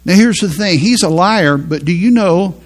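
A man preaching a sermon in an earnest way, slowing down to stress each verse of scripture. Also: high-pitched, animated. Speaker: pastor.

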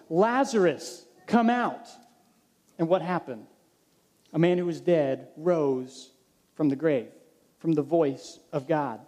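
A male pastor delivering a sermon, reading scripture and asking his congregation questions. His voice sits high for a man and has a mellow, soft-edged tone. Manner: preaching, asks the congregation questions.

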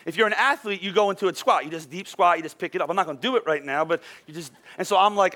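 A man preaching as a pastor, telling a funny personal story in a lively, self-deprecating way before giving sermon points. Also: high-pitched, fast talker, few pauses. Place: church auditorium.

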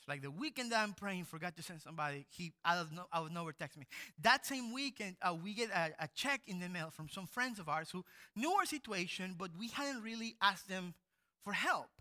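Man preaching with a forceful, bright voice. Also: high voice. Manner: animated storytelling, swings into loud acted quotes. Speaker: pastor. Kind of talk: sermon.

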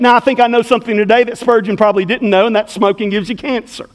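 A man's voice: high-pitched, steady tone, fast, long reverb tail. A middle-aged man pastoring a church, giving a folksy, conversational sermon with stories.

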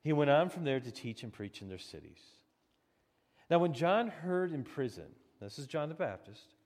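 Man, pastor preaching, lively pitch, chatty restarts, long hall reverb. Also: normal speed. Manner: animated, conversational preaching with frequent restarts. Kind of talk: sermon.

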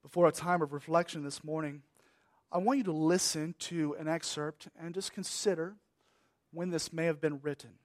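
A man preaching a sermon as pastor, emphatic, swinging from loud declarations to hushed lines. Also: fairly high pitch, fairly even intonation, normal speed, dry recording, studio quality.

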